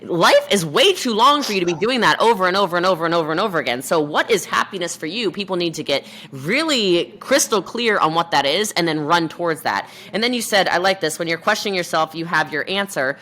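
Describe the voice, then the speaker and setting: A woman guest on a podcast interview, talking fast and animated, acting out quoted voices. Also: fairly low pitch. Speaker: podcast guest, network marketer. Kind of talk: energetic interview talk.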